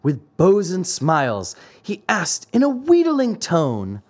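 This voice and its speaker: A man narrating a classic fairy tale with expressive, storytelling flair. His voice is a touch high for a man and swings widely in pitch, rising and dipping through each sentence. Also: takes it slowly, hardly any pauses.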